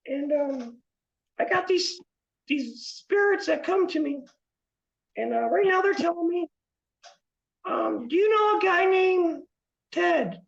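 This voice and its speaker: A man putting on a shrill gravelly psychic medium. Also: expressive, slow pace, long pauses, heavily acted. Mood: mystical. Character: male psychic medium, breathless and theatrical. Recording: dull lo-fi live stream audio.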